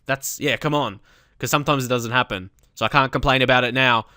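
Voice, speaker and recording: A young man commentating his own football management game, casual and prone to loud outbursts. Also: medium pitch, a little fast, smooth, no room sound, clean studio sound. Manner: excitable, shouts at big moments. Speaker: gaming YouTuber. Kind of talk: let's play commentary.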